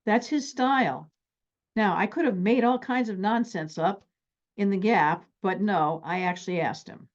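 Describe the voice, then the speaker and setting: Animated, extroverted woman therapist teaching. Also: mid-range voice, measured pace, highs cut off. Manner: animated, extroverted, acts out anecdotes. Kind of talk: teaching talk with stories.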